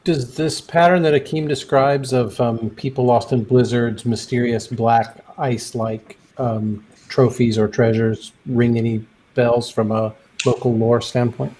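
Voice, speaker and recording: A man playing a tabletop role-playing game, asking measured, thoughtful questions. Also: medium pitch, steady tone, darkish tone, slight background noise. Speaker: player. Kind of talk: casual role-play chat.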